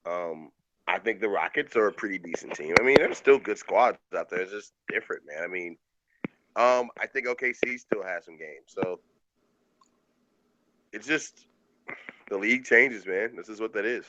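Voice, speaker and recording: Man, panelist, sports chat, laid-back, low and forceful, dull dry remote mic. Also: moderate pace, long pauses, dry recording. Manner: laid-back, says "I mean" and "man" a lot.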